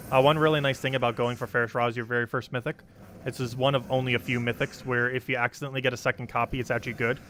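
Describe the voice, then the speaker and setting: A man's voice: medium pitch, fairly bright tone, a little hiss or hum. A young man casually chatting on a game live stream, answering chat and rambling through strategy tips with lots of ums and likes. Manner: rambling, explains game strategy with many fillers.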